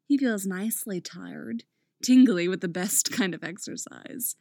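A woman narrating a story aloud in an expressive, playful manner. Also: medium pitch, a little slow, vocal fry, no echo, clean studio sound. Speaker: reader. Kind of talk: audiobook narration of fan fiction.

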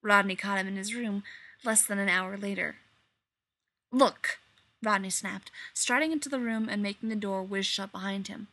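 Bright-voiced woman reading a story. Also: mid-range voice, fairly quick. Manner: expressive, animated storytelling. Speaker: reader. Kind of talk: reading fan fiction aloud.

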